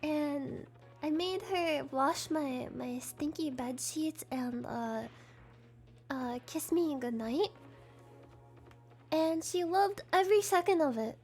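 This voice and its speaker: A woman's voice: high-pitched, slow, a little mellow, soft background music. A woman streamer in casual chat, giggly and rambling, with lots of "like" fillers.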